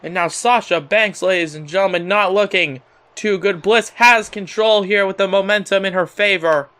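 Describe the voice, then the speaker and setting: A young man giving excitable play-by-play commentary on a wrestling video game, often laughing and calling out to ladies and gentlemen. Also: sits high, moderate pace, clear, resonant tone. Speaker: gameplay commentator.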